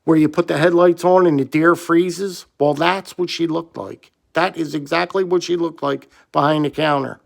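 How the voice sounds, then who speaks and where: This is a man with a slightly hoarse, gravelly voice that sits a little high. He tells a rambling story with excitement and loops back over the same points. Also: moderate pace, hardly any pauses. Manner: rambling, excitable, repeats himself. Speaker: gear reviewer. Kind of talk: casual storytelling vlog.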